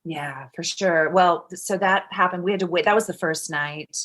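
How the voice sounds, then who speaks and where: A woman from Kansas, a guest on a talk show, telling a personal story in a lively, chatty way and acting out what others said. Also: lowish voice, normal speed. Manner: animated, acts out quotes. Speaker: actress guest. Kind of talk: casual storytelling.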